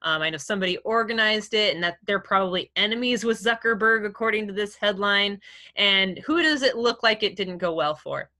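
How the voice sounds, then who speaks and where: A woman's voice: medium pitch, brisk, pushed and bright. A woman teaching a class over a video call, casual and chatty, with many fillers and easy laughs. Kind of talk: online class lecture.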